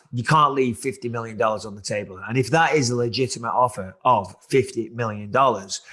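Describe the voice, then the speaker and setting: A man's voice: mid-range voice, a bit bright, breathy edge. A man in his forties hosting a podcast, talking in a blunt, profane, challenging way. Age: 40s. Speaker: podcast host. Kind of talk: casual podcast chat.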